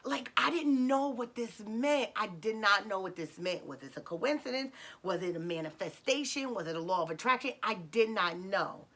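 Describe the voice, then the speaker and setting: A woman with a bright, sharp voice tells a personal story straight to her viewers. She keeps it casual and animated, acting out what people said. Her pitch sits in the middle for a woman. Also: normal speed, hardly any pauses. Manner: talks to viewers directly. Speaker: vlogger telling a personal story.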